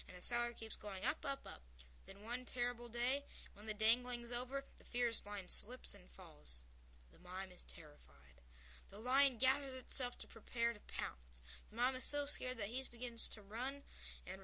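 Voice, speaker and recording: A woman hosting a talk show, reading funny stories aloud with animated storytelling. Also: fairly high pitch, poor audio. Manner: animated storytelling, shouting out quoted lines.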